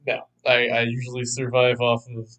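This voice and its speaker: A man's voice: mid-range voice, monotone, normal speed, fairly bright tone, rough recording. A man co-hosting a film podcast, chatting casually, rambling and laughing as he talks. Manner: rambling, laughs often, acts out quotes. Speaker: podcast co-host. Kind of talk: casual chat.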